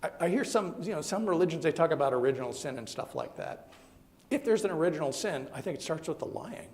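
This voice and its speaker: A male minister giving a sermon in a loose, conversational way, full of ums and restarts. He tells stories with animation, and his voice sits somewhat high for a man. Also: fast talker. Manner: animated, conversational storytelling with fillers.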